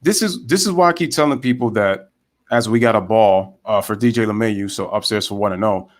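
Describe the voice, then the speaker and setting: A man's voice: lowish voice, fairly quick. Ranting man calling a game. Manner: animated, ranting, chatty with viewers. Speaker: live baseball commentator and streamer. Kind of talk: casual live play-by-play with rants.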